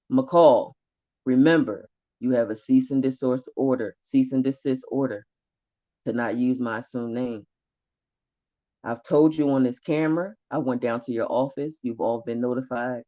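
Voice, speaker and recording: Blunt, profane low-voiced woman. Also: a little mellow, dull audio. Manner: profane, blunt, rising anger. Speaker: vlogger telling her eviction story. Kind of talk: heated casual storytelling.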